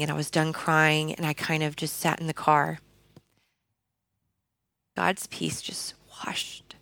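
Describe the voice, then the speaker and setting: A woman's voice: deep voice, fairly bright tone, dry recording. A woman guest telling her personal faith story in an earnest, conversational way, with many fillers and restarts. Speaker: podcast guest.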